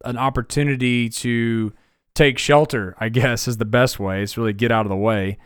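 Man, smooth clear voice, reads and explains bible verses, dry sound. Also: medium pitch, steady tone, normal speed, no echo. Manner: reads scripture verses aloud and explains them. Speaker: co-host. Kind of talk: conversational Bible study discussion.

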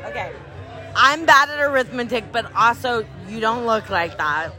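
A woman co-hosting a podcast, bantering loudly and swearing through casual chat. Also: a little high, normal speed. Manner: loud, swearing, joking banter. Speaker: podcast co-host. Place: bar. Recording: noisy bar with music and crowd. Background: music and crowd chatter.

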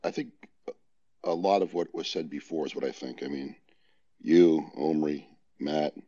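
A man with a New York accent explaining his view as a guest on a casual panel discussion, measured and thinking aloud. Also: rumbling low, mellow. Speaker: guest on a legal podcast. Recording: dull lo-fi audio.

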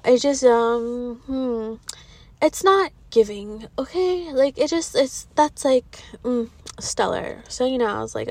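A woman in her thirties with a high voice vents to her viewers in a loose storytime monologue, swearing freely and rambling from one complaint to the next. The sound is dry and close, with no room around it. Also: creaky, no echo. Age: 30s. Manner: candid, profane, rambling, animated retelling. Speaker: social media creator. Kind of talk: casual storytime vent to viewers.

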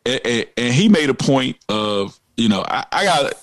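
Animated man in casual chat. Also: mid-range voice, moderate pace, no room sound. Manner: animated, emphatic, heavy use of fillers like "man" and "like". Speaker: podcast co-host.

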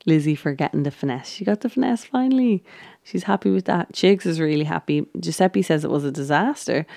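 A woman's voice: sits low, gravelly, darkish tone, no echo. A woman hosting a podcast, recapping casually and chattily with lots of fillers. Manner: chatty, enthusiastic, many fillers. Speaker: podcast host.

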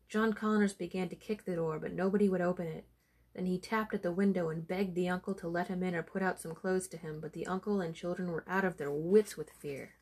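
Low-voiced woman reading a folk tale. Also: husky. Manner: steady storytelling delivery. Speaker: storyteller.

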